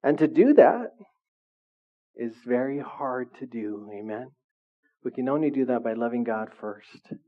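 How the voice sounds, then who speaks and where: Man preaching a lively, chatty sermon. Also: mid-range voice, lo-fi sound. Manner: conversational, animated, asks the congregation questions. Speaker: pastor.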